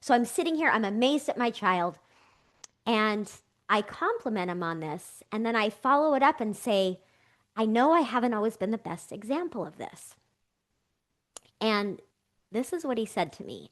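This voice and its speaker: A middle-aged woman talks straight to her listeners from her home office, coaching them on a solo podcast. Her voice sits a little on the high side. She is earnest and encouraging, and she repeats her key points and checks in with "right?". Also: expressive, moderate pace, a bit bright. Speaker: podcast host and life coach.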